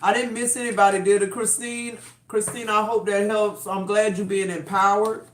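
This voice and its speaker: A woman's voice: mid-range voice, fairly even intonation, moderate pace, a little hiss or hum. A woman doing a live-stream tarot reading, blunt and profane, with fired-up, emphatic delivery. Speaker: tarot reader. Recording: roomy echo.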